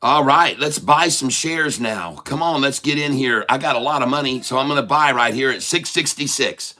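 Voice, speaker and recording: Loud jokey guy doing a live trading stream at home, bright forceful voice. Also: mid-range voice, moderate pace. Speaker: host.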